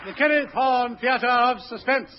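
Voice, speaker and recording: Male comedy announcer, smug, high-ish voice. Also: a little slow, highs cut off, heavy background noise. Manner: smug, self-important announcing. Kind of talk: 1960s radio comedy sketch.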